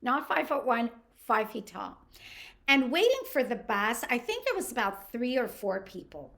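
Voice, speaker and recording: A middle-aged woman from Canada, a podcast host telling a personal story in a casual, animated way with frequent restarts. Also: fairly high pitch, moderate pace.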